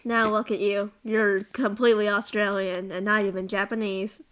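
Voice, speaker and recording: A woman's voice: medium pitch, flat delivery, normal speed, fairly bright tone, clear, resonant tone. A woman with an American accent in casual banter as a co-host, laughing often and swearing when she gets defensive.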